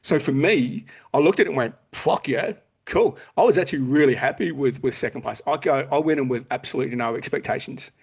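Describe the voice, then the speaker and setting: Aussie guy in his 40s on a podcast, swearing constantly, blunt, mid-pitched voice. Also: quick pace, gravelly, few pauses, husky. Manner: blunt and heavily profane, acting out quotes. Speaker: podcast guest. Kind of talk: casual podcast chat.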